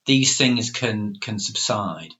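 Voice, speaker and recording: A middle-aged man co-hosting a podcast, thinking aloud with many pauses and fillers. His voice is lowish and bright-edged. The recording sounds dull and lo-fi. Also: lively intonation. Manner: thoughtful, hesitant, many fillers. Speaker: podcast co-host, coach. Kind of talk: reflective podcast discussion.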